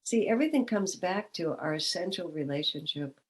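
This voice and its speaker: A woman's voice: lowish voice, animated, brisk, low-quality recording. A woman, a spiritual teacher, giving a reflective satsang talk and asking questions aloud.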